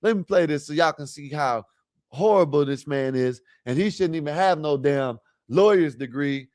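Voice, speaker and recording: A man's voice: a little high, moderate pace, a little mellow, dry recording, clean studio sound. A man hosting a livestream, rambling casually and talking straight to his viewers. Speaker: livestream host.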